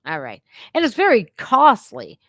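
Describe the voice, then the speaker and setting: A woman's voice: high voice, wildly swooping pitch, unhurried, vocal fry, a bit bright, dry recording, clean studio sound. A middle-aged woman hosting a reaction stream, talking bluntly with lots of swearing and mocking sarcasm. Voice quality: brash, blunt, swearing freely. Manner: sarcastic, mocking mimicry of opponents. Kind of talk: casual profane reaction commentary.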